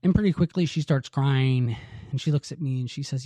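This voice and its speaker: A middle-aged man tells his own story on a podcast in an earnest, halting way, often restarting his sentences. His voice is mellow and warm. It is recorded dry on a close mic. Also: medium pitch, no echo. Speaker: podcast host. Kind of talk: confessional personal storytelling.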